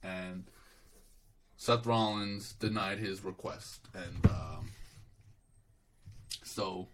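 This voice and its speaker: A man's voice: lowish voice, steady tone, extremely slow, poor audio. A young man giving a casual solo wrestling show review, swearing and dismissive, rambling with restarts and calling the listener bro.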